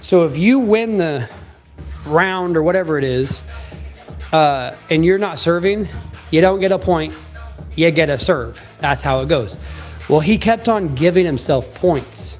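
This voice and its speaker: A man in his twenties telling a personal story in a casual, animated, emphatic way, swearing freely. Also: a little high, unhurried, faint music behind.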